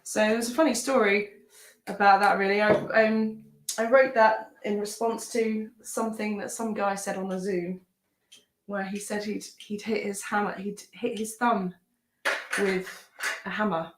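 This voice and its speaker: A British singer-songwriter chatting between songs on a live stream from her room at home, rambling and relaxed with lots of ums. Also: medium pitch, measured pace. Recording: roomy sound with guitar behind. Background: acoustic guitar.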